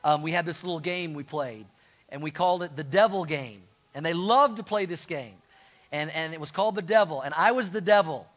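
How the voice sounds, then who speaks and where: A middle-aged male pastor delivers a sermon in a high, bright voice. He preaches with animated energy and calls on the congregation to answer back. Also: fairly quick. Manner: animated, call-and-response with congregation.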